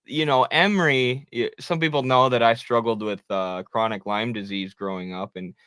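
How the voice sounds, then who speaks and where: Bright, smooth-voiced man chatting animatedly. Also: medium pitch, moderate pace, no echo. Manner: animated, acts out quotes with laughs. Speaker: co-host. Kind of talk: casual political talk show chat.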